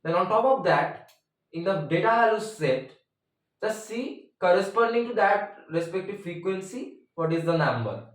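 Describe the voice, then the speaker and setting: A chatty man walks students through a math lesson, cracking jokes and slipping in "means" between phrases. His voice sits a little high for a man. It is recorded in a very echoey room, some distance from the mic. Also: lively intonation, normal speed. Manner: chatty, joking asides, frequent "means" fillers. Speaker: math teacher. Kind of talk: casual math tutorial.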